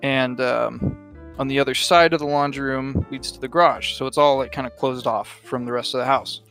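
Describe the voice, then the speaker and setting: A man's voice: medium pitch, fairly even intonation, a little fast, fairly bright tone, faint music behind. A young man on a podcast, telling rambling stories with lots of swearing and laughing. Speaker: podcast co-host. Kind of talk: casual storytelling chat.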